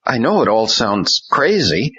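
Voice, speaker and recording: An earnest young pastor under strain, read by a man in a raised, lively voice, anxious and defensive. The sound is somewhat dull and lo-fi, and the voice has a husky edge. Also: mid-range voice, unhurried, voice pushed up, heavily acted.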